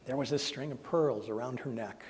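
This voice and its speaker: Male minister, earnest sermon storytelling, mid-pitched, in a reverberant sanctuary. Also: fairly quick, slight background noise. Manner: earnest, emotional storytelling with soft quoted voices. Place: church sanctuary. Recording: long hall reverb.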